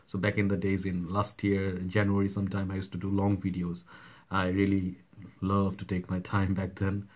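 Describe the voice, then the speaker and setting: A man, hoarse from a cold, chatting casually in a fragrance vlog, rambling with many fillers and asides. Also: sits low, darkish tone. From Bangladesh. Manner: rambling, with frequent "uh" and "okay?". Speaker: fragrance reviewer.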